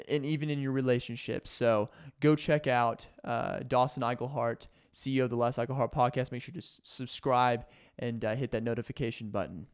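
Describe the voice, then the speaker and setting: A young male podcast host with a smooth, clear voice at a middle pitch, wandering through a comic story with lots of fillers and little laughs. He is close on the mic, and the sound is dry with no room around him. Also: no echo. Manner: loose, filler-heavy, chuckling asides. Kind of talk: rambling comedic storytelling.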